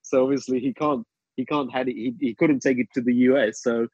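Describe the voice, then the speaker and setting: A man with a medium-pitched, slightly breathy voice talks briskly as a guest, telling a long casual anecdote. It rambles, with many ums, restarts and lively quoted bits. The recording is muffled but has no echo.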